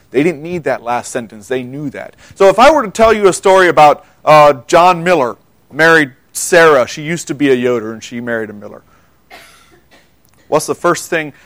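A man preaching a sermon, earnest, asking his listeners questions, dropping quiet for quoted words and often repeating words as he goes. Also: mid-range voice, no echo. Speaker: pastor.

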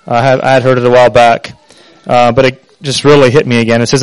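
A man preaching a sermon in an earnest, halting way, with many pauses and fillers. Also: medium pitch, flat delivery, clear, resonant tone, no room sound, poor audio.

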